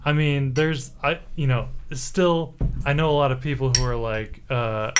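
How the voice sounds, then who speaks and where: A man's voice: mid-range voice, steady tone, a little slow, noisy background. A man hosting a casual podcast chat about beer, rambling with many fillers and restarts. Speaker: podcast host.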